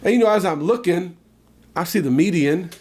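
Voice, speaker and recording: Animated storytelling man, fairly high voice. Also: normal speed. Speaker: podcast co-host. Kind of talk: casual podcast chat.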